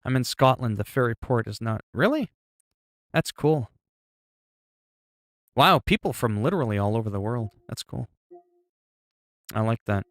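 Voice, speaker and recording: A man's voice: mid-range voice, expressive, unhurried, long pauses, fairly bright tone, no echo, studio quality. A man chatting casually on a livestream, reacting to chat messages and exclaiming as he talks.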